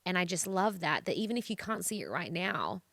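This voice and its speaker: A woman's voice: fairly low pitch, sing-song, fairly quick, fairly bright tone, dry recording. A woman with an Australian accent, a guest on a faith TV show, speaking earnestly and encouragingly about her testimony.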